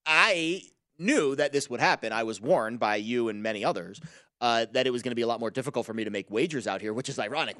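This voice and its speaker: A man from New Jersey co-hosting a casual sports betting show, talking in an animated, jokey way. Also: mid-range voice, fast talker, no echo. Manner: animated, jokey, leans on clichés.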